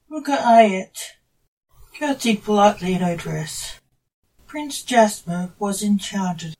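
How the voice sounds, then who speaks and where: A woman reading a story aloud for her own podcast, measured and deliberate. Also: mid-range voice, animated, darkish tone, distant mic, low-quality recording.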